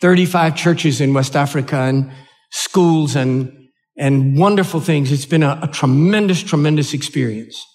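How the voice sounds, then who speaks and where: Older American pastor telling a story. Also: male voice, a little high, a little mellow. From United States. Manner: earnest, halting storyteller with many restarts. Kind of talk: sermon storytelling.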